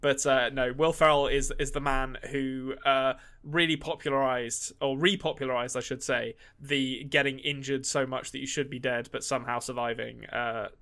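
An English man in his thirties co-hosting a casual podcast, joking and animated. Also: mid-range voice, normal speed, few pauses. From England. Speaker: podcast co-host.

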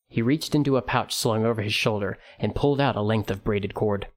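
Man reading fiction, low voice. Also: brisk, few pauses. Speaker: audiobook narrator. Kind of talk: scripted narration.

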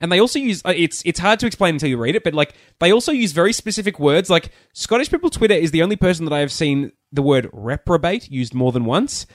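A man's voice: on the high side, animated, fast, few pauses, no room sound, clean studio sound. A man co-hosting a podcast, chatting casually and rambling through stories with lots of asides. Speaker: podcast co-host. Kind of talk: casual chat.

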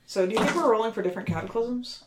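A woman's voice: on the high side, lively intonation, rapid-fire. Joking woman in an echoey room. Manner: joking, swears casually. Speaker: player and podcast host. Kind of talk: casual tabletop game chat. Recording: echoey room, faint noise.

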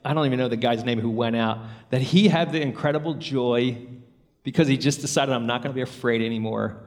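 A man's voice: medium pitch, long reverb tail. A man preaching a sermon, earnest and storytelling, rising to emphatic peaks.

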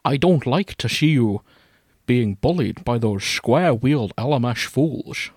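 A man's voice: mid-range voice, expressive, a little slow, a little mellow, husky, dry recording, studio quality. A man reading the part of a kindly older male steam engine in a comedy fan-fiction reading. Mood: calm. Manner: soothing, patient.

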